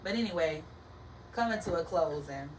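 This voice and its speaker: A woman's voice: low-pitched, animated, normal speed, far from the mic, a little hiss or hum, poor audio. A woman giving an earnest, emphatic faith-based motivational talk, speaking straight to her listeners.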